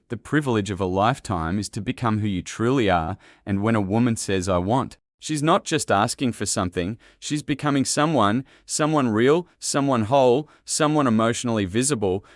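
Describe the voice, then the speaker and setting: A man giving calm, measured, scripted self-help narration in an instructive tone. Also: mid-range voice, no room sound, clean studio sound.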